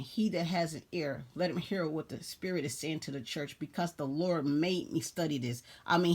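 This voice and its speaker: A woman reads a story aloud at a slow pace and breaks off often to comment on it in a casual preaching way. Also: on the low side.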